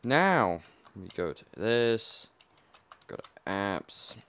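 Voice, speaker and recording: A man's voice: fairly low pitch, sing-song, extremely slow, fairly bright tone, smooth. A young man hosting a casual first podcast, rambling and unsure, with lots of fillers, at home by his game console. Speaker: podcast host. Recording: dull lo-fi home recording, faint keyboard noise.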